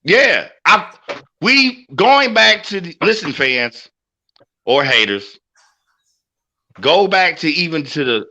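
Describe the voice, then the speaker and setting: Animated, bright-voiced man telling stories. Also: a little high, slow, pauses often, slight background noise. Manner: animated storytelling, swears freely. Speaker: podcast co-host. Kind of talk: casual wrestling chat.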